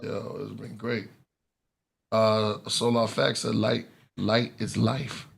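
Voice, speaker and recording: A man's voice: on the low side, level tone, slow pace, vocal fry, slightly rough. A man hosting a podcast in casual chat, laid-back and affirming, often dropping "man" into his sentences. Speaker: podcast host.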